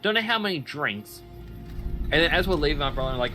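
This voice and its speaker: Bright-voiced man telling anecdotes. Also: fairly high pitch, brisk, faint music behind. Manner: animated anecdote teller, acts out quoted voices. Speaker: stream guest. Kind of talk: casual storytelling chat.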